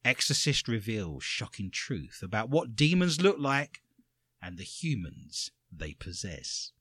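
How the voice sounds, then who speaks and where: Animated English man hosting radio. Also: lowish voice, a little slow, breathy edge, dry recording. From England. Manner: animated storyteller, sarcastic. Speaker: radio host. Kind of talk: comedic radio talk.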